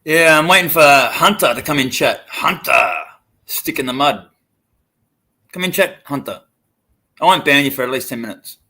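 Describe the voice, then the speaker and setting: A man's voice: fairly high pitch, animated, normal speed, pauses often, sharp tone. A young Australian man livestreaming, talking to his chat in a profane, taunting and swaggering way. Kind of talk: live stream rant to chat.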